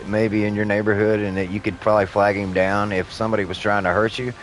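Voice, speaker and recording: A man's voice: fairly low pitch, level tone, fast talker, faint music behind. A man giving heated, profane, rambling commentary while he plays a video game. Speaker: gaming streamer.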